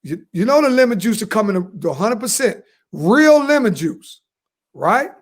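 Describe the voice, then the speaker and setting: A man's voice: high-pitched, big pitch swings, moderate pace, breathy edge. A man co-hosting a comedy podcast, giving crude advice in a boastful, repetitive way and laughing at his own jokes. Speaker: podcast co-host.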